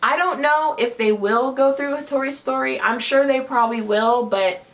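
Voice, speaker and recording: A woman's voice: sits high, moderate pace, a bit bright. A woman hosting a casual review chat, giving her opinions in a loose, conversational way. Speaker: host.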